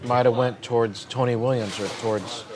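A man hosting a podcast, chatting casually and chiming in with quick affirmations. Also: medium pitch, steady tone, crowd noise, low-quality recording. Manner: eager, frequent short affirmations. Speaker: podcast host. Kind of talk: casual interview chat.

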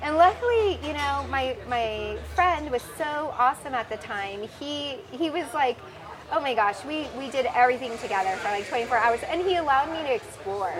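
A woman guest on a podcast, telling travel stories in an animated, rambling way, often laughing and acting out the voices of people she quotes. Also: high-pitched, moderate pace, noisy background. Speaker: podcast guest, foundation founder. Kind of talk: casual storytelling interview.

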